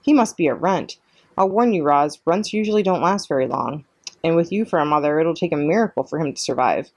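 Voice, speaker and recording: A woman's voice: low voice, lively intonation, fairly quick, no room sound. A woman reading aloud, voicing a blunt, bossy old female goose who squawks and lectures.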